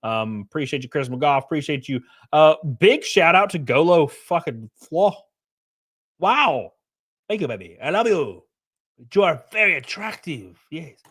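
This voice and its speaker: A man's voice: on the high side, big pitch swings, a little slow, a bit bright, husky. A man streaming live, chatting casually and crudely, joking around and thanking chat members by name.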